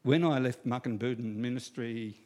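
Aussie pastor in his 60s, preaching, tells stories with jokes, repeats the big lines, mid-pitched voice. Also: moderate pace, a little mellow. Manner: storytelling with humor, repeats key phrases. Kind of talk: sermon.

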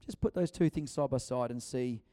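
Chatty preacher, mellow voice. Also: male voice, mid-range voice, moderate pace. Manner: chatty, acts out quotes, many restarts. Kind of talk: conversational sermon.

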